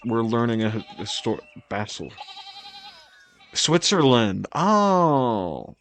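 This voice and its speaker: Man, game streamer, casual commentary, self-mocking, low-ish pitch. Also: a little hiss or hum. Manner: rambling, self-mocking, swears. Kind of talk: casual let's-play commentary.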